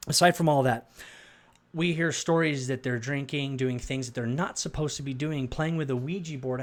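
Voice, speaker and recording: A middle-aged man from Arizona telling a personal religious testimony, rambling and halting, with many restarts. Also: mid-range voice. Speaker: storyteller.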